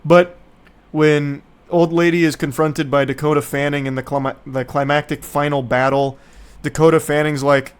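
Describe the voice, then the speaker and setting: A man's voice: fairly high pitch, flat delivery, normal speed, smooth. A man from the United States, a streamer, ranting about a movie in a casual, sarcastic and profane way. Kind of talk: casual movie review rant.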